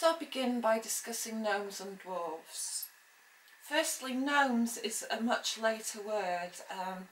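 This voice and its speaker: A woman talks through a lesson slowly and deliberately, pausing on hesitant ums as she explains. Her voice sits at an ordinary middle pitch. The recording is roomy and echoey, with faint ambience behind her. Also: a bit bright, slight background noise. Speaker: witchcraft teacher. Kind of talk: informal spoken lesson.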